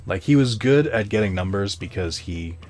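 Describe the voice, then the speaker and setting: A man's voice: on the low side, expressive, normal speed, darkish tone. Young man rambling through a story. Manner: rambling, many fillers and asides, laughs at himself; profane, sarcastic. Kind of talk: casual story time.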